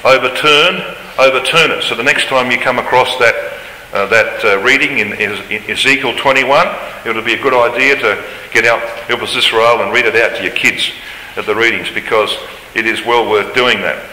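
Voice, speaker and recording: Man, Bible study lecturer, emphatic, sharp bright tone, roomy reverb, faint background hum. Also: mid-range voice, fairly even intonation, moderate pace. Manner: emphatic, rising when reading scripture aloud. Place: large lecture hall.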